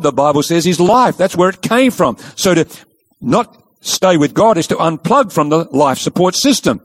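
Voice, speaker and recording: Man preaching, fairly high voice, lively swooping pitch, emphatic storytelling. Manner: emphatic storytelling, asks rhetorical questions. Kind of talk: sermon.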